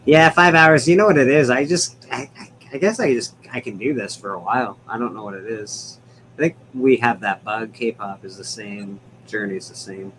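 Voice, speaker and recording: A man's voice: medium pitch, normal speed, fairly bright tone, slight background noise, low-quality recording. A man hosting a casual livestream chat from home, rambling, laughing often and swearing now and then. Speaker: livestream host.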